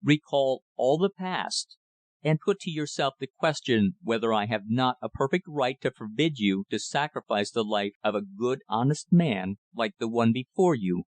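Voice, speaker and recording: A man voicing an older, thin-faced country rector with a slow clerical drawl and a cynical edge. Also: medium pitch, expressive, no room sound, close to an everyday voice. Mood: grave, warning.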